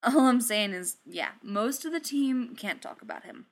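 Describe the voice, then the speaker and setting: A woman reading aloud, voicing a brash, sarcastic male inventor who talks quickly, pushily and loudly. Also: fairly high pitch, expressive, gravelly. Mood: insistent.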